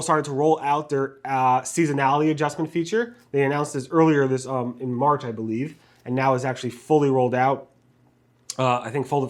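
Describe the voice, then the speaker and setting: A man hosting a weekly search news recap, talking fast and casually with many ums, uhs and restarts, his speech slightly impeded by a bitten tongue. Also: medium pitch. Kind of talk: casual news roundup to camera.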